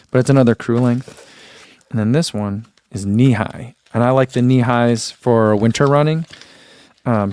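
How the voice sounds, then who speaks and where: A man's voice: lowish voice, a little mellow. A young man hosting a running channel, chatting casually and rambling as he shows products and reads viewer comments. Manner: easygoing, rambling, reads chat comments aloud. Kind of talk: casual livestream chat.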